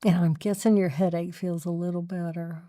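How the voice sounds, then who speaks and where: A woman speaking as a guest in a podcast interview, talking emphatically and expressively, sometimes dropping to a hushed voice. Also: lowish voice, fairly even intonation, moderate pace, no room sound, clean studio sound.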